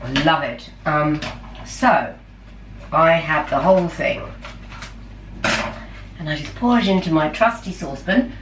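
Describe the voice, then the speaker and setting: A middle-aged woman chats unhurriedly through a home cooking vlog, enthusiastic about her food and quick to poke fun at herself. Her voice sits a little low and she takes her time. The sound is roomy and distant, picked up by the camera across a home kitchen with a faint hum behind her. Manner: chatty, self-deprecating, enthusiastic about food. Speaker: vlogger. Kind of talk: casual vlog chat while cooking.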